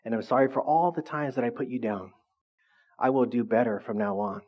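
A man voicing a formerly rude talking pet cockatoo, speaking low and apologetic in a joke told during a sermon. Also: brisk, highs cut off, natural voice. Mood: contrite.

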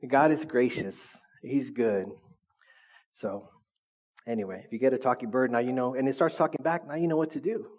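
A man's voice: medium pitch, moderate pace, highs cut off. Chatty man preaching a sermon. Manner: conversational, frequent "right?" tags. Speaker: pastor.

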